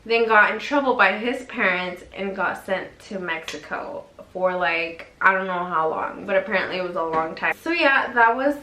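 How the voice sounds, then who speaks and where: A woman's voice: medium pitch, animated, normal speed, few pauses, sharp tone, a little hiss or hum. A young woman vlogger telling a storytime in a casual, chatty way, full of "like" and the odd swear word. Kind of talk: storytime vlog. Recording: roomy echo.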